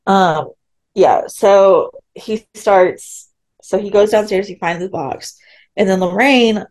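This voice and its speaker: A woman's voice: medium pitch, slow, a little mellow. A woman co-hosting a podcast, casually recapping a TV episode and acting out quoted lines with frequent laughs. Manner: chatty, retells scenes with quoted lines, laughs often. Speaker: podcast co-host.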